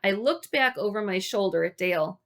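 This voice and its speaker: A woman reading a children's book aloud, telling the story in an expressive, unhurried way. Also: mid-range voice. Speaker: reader.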